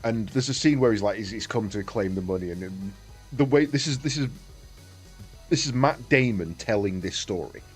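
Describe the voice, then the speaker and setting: A man's voice: fairly low pitch, normal speed, soft background music. A man streaming a game, chatting casually, swearing and laughing often. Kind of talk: casual chat while gaming.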